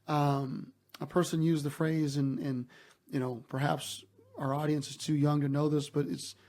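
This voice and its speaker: A man's voice: fairly high pitch, level tone, moderate pace, a little mellow. A man speaking as a guest executive in an interview, earnest and emphatic, often repeating words as he starts a thought. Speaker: basketball team executive, guest. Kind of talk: interview answers.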